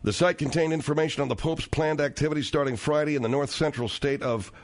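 A man's voice: on the high side, steady tone, quick pace. A male radio talk show host reading and riffing on the news in a wry, sarcastic, slangy way.

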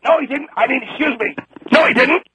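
A man putting on a squeaky, bossy male voice on a phone line, bickering with the host. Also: brisk, background noise. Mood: bossy, flustered. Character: shrill irritable male phone voice.

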